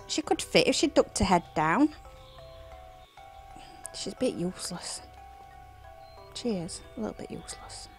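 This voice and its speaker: A woman with a slightly high voice, talking slowly through her let's play. She chats, jokes and sometimes sings or whispers to herself while she plays. Quiet game music sits in the background. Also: poor audio. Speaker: gameplay commentator.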